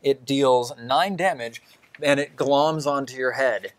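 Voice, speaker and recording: A woman acting as dungeon master at a tabletop game, calmly explaining the rules to her players. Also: extremely low pitch, slow, a loud crowd. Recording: noisy table recording with dice clicks.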